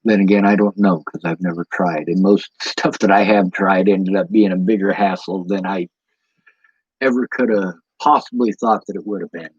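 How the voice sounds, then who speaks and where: A man's voice: sits low, steady tone, normal speed, slightly rough, no echo. A tired man with a Midwestern American accent, rambling casually to his livestream chat and drifting off on tangents. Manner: meandering, goes off on tangents, many ums. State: tired from lack of sleep. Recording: dull lo-fi stream audio.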